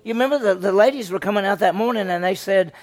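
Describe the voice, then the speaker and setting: A man, a senior pastor, teaching a Bible lesson in an animated storytelling way and quizzing his class with questions. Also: sits high, fast talker.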